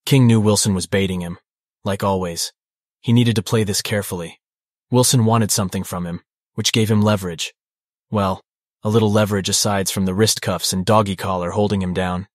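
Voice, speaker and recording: A man's voice: fairly low pitch, fairly even intonation, fairly quick, no echo. A man narrating an audiobook in a dry, wry manner. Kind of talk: scripted narration.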